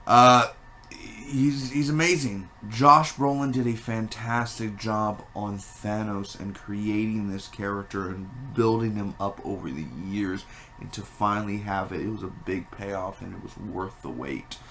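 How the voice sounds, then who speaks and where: A man giving a casual spoken movie review, rambling and animated, with many fillers and restarts. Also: on the low side, a little slow, slight background noise.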